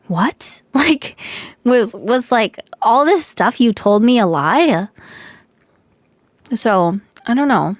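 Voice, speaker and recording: A young woman streamer venting in casual live chat, talking fast with lots of "like", her voice a bit hoarse from yelling. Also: medium pitch, no echo.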